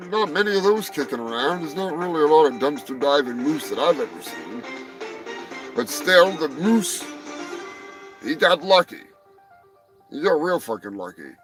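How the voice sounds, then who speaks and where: A man's voice: on the high side, poor audio. Rambling profane man reading animal news. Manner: rambling, profane, jokey asides; swings between loud outbursts and muttered asides. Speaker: live stream host reading animal news. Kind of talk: profane comedic news rant.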